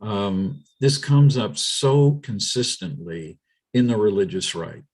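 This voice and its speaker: A man speaking as a guest on a political talk show, emphatic and animated, often restarting his sentences. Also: on the low side, slow.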